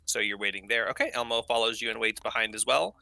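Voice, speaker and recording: A man's voice: mid-range voice, quick pace, creaky, pushed and bright, no echo. A man running an online tabletop game as game master, patiently laying out options for the players.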